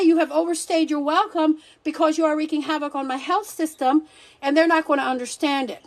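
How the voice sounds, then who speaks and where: A woman with a high-sitting voice hosts a casual live stream. She talks in an animated, joking, scattered way, constantly interrupting herself.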